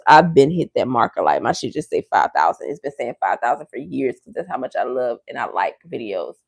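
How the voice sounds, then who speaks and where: A woman's voice: on the low side, dry recording, clean studio sound. A woman hosting a livestream in casual, rambling chat, swearing freely as she rants at commenters. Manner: profane, ranting at commenters; loose, rambling talk to viewers. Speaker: livestream host.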